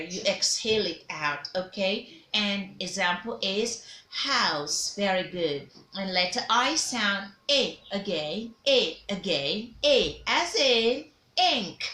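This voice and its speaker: Bright-voiced woman teaching phonics. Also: medium pitch, echoey room. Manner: drills sounds, repeats and prompts the viewer. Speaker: diction teacher. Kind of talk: phonics lesson to camera.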